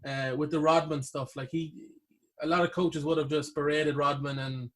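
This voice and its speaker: A man from Ireland hosts a relaxed sit-down interview. His voice sits slightly high, and he talks in a loose, chatty way, thinking aloud with frequent fillers as he builds toward each question. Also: moderate pace. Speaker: interviewer, host. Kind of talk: casual interview chat.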